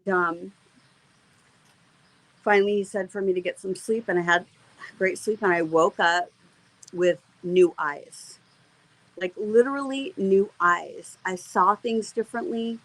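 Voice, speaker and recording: A woman's voice: mid-range voice, measured pace, pauses often, a bit bright, poor audio. A middle-aged woman, an interview guest, telling a personal faith testimony in an earnest, emotional way, with many fillers and restarts.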